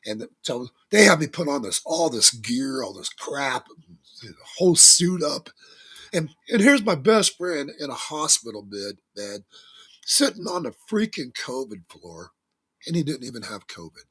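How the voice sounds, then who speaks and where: Husky, animated male talk-show guest. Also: medium pitch, normal speed. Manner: folksy, emphatic storytelling; religious turns of phrase. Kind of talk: casual talk-show interview.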